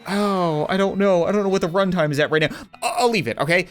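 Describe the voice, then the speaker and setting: A man hosting a casual game playthrough, rambling and joking with quick asides. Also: high-pitched, faint music behind. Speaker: gaming video host. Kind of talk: casual let's-play commentary.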